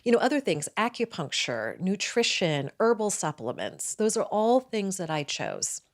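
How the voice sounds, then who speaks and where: Excitable, talkative woman in her forties; interview guest telling her story. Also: mid-range voice, moderate pace. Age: 40s. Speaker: guest, midwife and acupuncturist. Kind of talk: personal storytelling in conversation.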